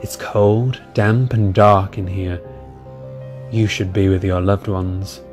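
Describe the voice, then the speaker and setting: A man voicing a kind old male steam engine who speaks softly and tenderly. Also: sits low, fairly even intonation, takes it slowly, soft background music. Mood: gentle hushed. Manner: soft, hushed, tender.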